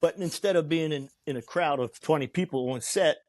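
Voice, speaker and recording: Fairly high-voiced and brisk, with no echo, a man appears as a guest on an interview show. He spins a long, energetic story, performing the other people's voices and often beginning his sentences again.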